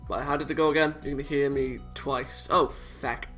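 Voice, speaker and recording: Faint music plays behind a man with a mid-range, fairly bright voice and fairly even intonation, speaking at a moderate pace. As a let's play host, he casually reads a visual novel out loud, interrupting himself with sarcastic jokes at his own expense.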